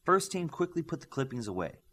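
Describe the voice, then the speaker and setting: Lively male audiobook narrator. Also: a little fast. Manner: lifts pitch and volume for dialogue, drops low for tags. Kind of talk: audiobook reading with character voices.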